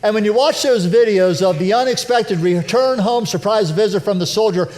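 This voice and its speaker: High-voiced, animated male pastor preaching. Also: moderate pace. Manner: conversational, animated preaching with self-deprecating humor. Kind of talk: sermon. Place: church sanctuary.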